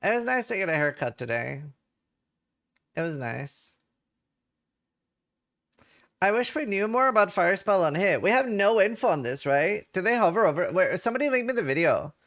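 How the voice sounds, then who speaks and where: A man's voice: sits high, sing-song, normal speed, pauses often, fairly bright tone. A man from England chatting casually with viewers on a live stream, joking around.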